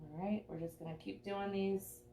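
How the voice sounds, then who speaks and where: A woman's voice: medium pitch, steady tone, moderate pace, dark tone, slight background noise. A young woman teaching a live online painting class, chatty and encouraging, checking in with "okay?" often. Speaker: art teacher.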